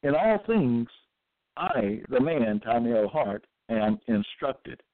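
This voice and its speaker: A man reading scripture verses aloud and commenting on them in a deliberate, repetitive, halting way. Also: medium pitch, big pitch swings, creaky, no room sound. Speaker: self-styled religious teacher. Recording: tinny phone-like dry recording.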